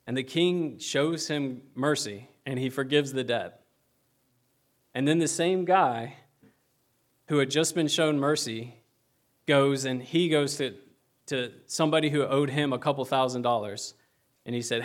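Young guy preaching, chatty and laid-back, lots of likes and ums, pokes fun at himself, middle pitch. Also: unhurried. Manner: conversational, many fillers, self-deprecating. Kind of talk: casual sermon.

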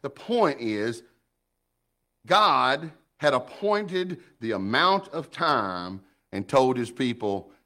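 A middle-aged man preaching a sermon in an animated, folksy way, often repeating words as he builds up. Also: medium pitch, takes it slowly. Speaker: pastor.

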